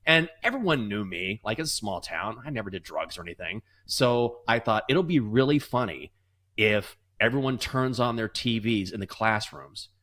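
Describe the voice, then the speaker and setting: A man co-hosting a sports betting show, telling a story with lively acted-out voices, then talking basketball. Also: fairly low pitch. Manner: animated, acts out voices in anecdotes. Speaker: co-host.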